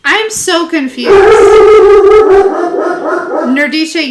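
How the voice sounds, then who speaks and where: A woman's voice: medium pitch, lively intonation, takes it slowly, over loud music. A woman giving a live-streamed tarot reading from home, chatty and affectionate, calling viewers darling and laughing often. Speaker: tarot reader. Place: at home with a dog.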